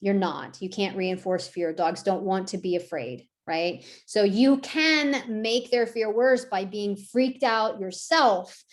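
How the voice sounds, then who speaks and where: A woman's voice: mid-range voice, animated, takes it slowly, hardly any pauses. A woman teaching a dog-training workshop in a conversational way, often adding "right?" and acting out quoted voices. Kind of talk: online workshop talk.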